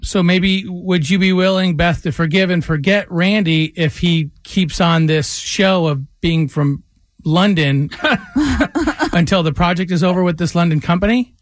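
Teasing high-voiced male co-host. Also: unhurried, no echo. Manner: teasing, laughing. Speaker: radio co-host. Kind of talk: morning radio banter.

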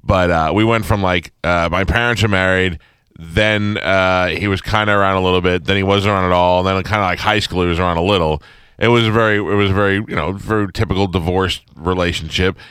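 A man's voice: deep voice, fairly even intonation, a little fast, fairly bright tone, clear, resonant tone, dry recording, clean studio sound. A man in his forties from New York hosting a morning radio show, joking and telling laid-back stories. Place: radio studio.

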